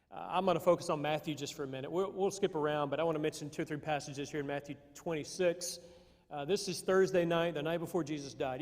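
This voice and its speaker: A man preaching a sermon in a relaxed, conversational way, often pausing and restarting his sentences. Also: fairly high pitch. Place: church sanctuary. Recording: long hall reverb.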